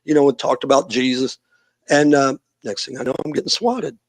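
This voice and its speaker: A man's voice: medium pitch, fairly quick, dry recording. A middle-aged man, a youth minister and podcast guest, telling a long story in casual interview talk and acting out the people he quotes.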